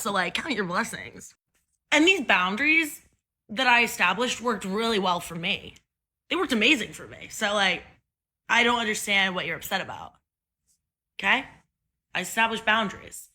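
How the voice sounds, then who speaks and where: A woman's voice: medium pitch, pushed and bright. A woman reacting to a video with sarcastic, mocking rants. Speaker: commentator.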